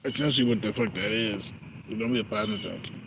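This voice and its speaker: A man's voice: on the low side, fast talker, noisy background. A man telling profane stories in a casual livestream monologue, laughing as he goes. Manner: profane, laughing, animated storytelling.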